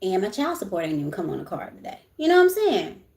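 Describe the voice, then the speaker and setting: A young woman speaking, hosting a casual livestream. She talks in a frank, chatty way, swears freely and keeps checking in with her listeners. Her voice sits at a middle pitch and rings a little in an echoey room. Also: huge pitch swings, fast, darkish tone. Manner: chatty, frank, swears freely, keeps saying "you know what I'm saying". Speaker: livestream host.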